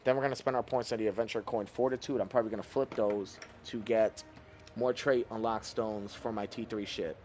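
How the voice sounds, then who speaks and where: A man's voice: on the low side, brisk, soft background music. Casual young man talking over gameplay. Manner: relaxed, chatty, thinks aloud, swears casually. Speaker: gaming YouTuber.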